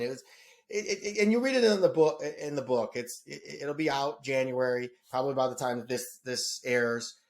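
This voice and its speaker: A middle-aged man from Detroit, USA, speaks at medium pitch and a fairly quick clip as a podcast guest. In casual conversation he's earnest and emotional, frequently stammering and repeating words.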